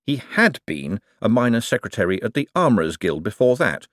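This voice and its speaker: Male audiobook narrator, animated storytelling with a very dry, close sound. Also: lowish voice, a little fast, no room sound.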